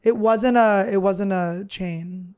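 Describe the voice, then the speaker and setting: A woman's voice: medium pitch, takes it slowly, darkish tone, clear, resonant tone. A woman comedian hosting her podcast, telling candid, profane stories in a rambling, casual chat. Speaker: podcast host and stand-up comedian.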